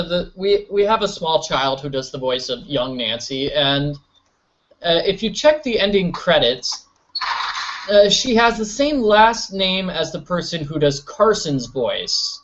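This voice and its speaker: A man talking over a video game in a loose, rambling way, tripping into restarts and poking fun at himself. His voice sits a bit high for a man and reaches the ear dull and lo-fi. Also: lively intonation, slow pace, a bit bright, slight background noise. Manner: rambling, self-mocking, stammering restarts. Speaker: let's play commentator. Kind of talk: casual gameplay commentary. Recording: dull lo-fi recording.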